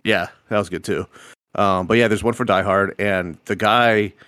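A man's voice: lowish voice, steady tone, normal speed, a bit bright, clean tone, no room sound, clean studio sound. A man co-hosting a podcast, chatting casually and telling a rambling anecdote. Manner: rambling storyteller, acts out quoted friends. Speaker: podcast co-host. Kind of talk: casual chat.

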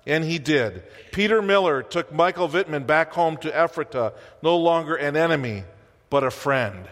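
A man's voice: a little high, lively intonation, moderate pace, a bit bright, long reverb tail. A man preaching a sermon as pastor in a church, conversational, with wry asides and rhetorical questions.

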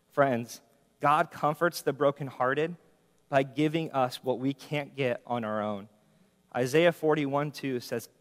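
A man preaching a sermon as pastor, earnest, slowing down to read scripture with emphasis. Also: medium pitch, steady tone, a bit bright. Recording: long hall reverb.

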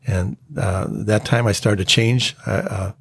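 An American man telling his life story as an interview guest, earnest and halting. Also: fairly low pitch, fairly even intonation, vocal fry, breathy edge, no echo. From United States. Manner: earnest, halting, acts out quoted dialogue. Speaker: guest sharing his testimony.

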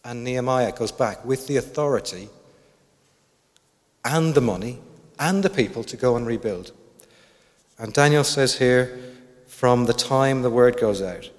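A male preacher delivers a sermon in a reflective, questioning manner, often turning to his congregation with questions. His voice sits at an ordinary middle pitch for a man. It carries a long, ringing reverb from a church hall. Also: unhurried, long pauses.

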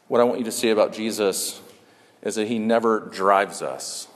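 A male pastor preaching a sermon, earnest and repetitive in his emphasis, dropping into soft hushed passages. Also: fairly low pitch, moderate pace. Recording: long reverb of a large hall.

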